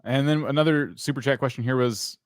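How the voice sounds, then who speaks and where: A man's voice: medium pitch, fairly quick, dry recording, clean studio sound. A man co-hosting a livestream, reading out viewer questions and thinking aloud in an easygoing way. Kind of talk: casual livestream Q&A chat.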